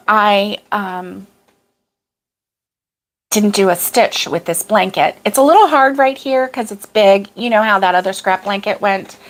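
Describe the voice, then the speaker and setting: A chatty middle-aged woman hosts a crafting livestream. She rambles casually and chuckles often, answering viewers' comments one by one. Her voice sits at an everyday middle pitch. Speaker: crochet channel host.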